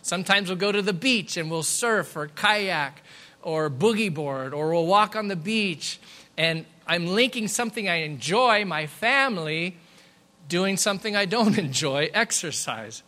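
A middle-aged man preaching a sermon in a church, lively and conversational, with quick asides to the congregation. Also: sits high. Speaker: pastor. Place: church sanctuary.

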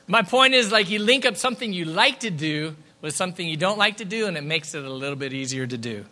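Bright, lively preaching man. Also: sits high. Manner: lively, conversational preaching with quick asides. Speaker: pastor. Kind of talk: sermon. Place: church sanctuary.

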